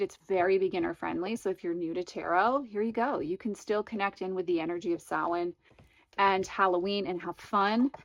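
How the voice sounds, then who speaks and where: On the low side with vocal fry, this tarot reader's voice comes through poor audio with a little hiss or hum. She hosts a casual show-and-tell vlog, gushing about her tarot decks and candles and stretching words out for emphasis.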